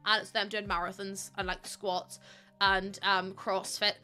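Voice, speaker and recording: A woman's voice: mid-range voice, little pitch movement, a little slow, pushed and bright, smooth. A British woman livestreaming, chatting casually with her viewers, laughing often and swearing freely. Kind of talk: casual stream chat.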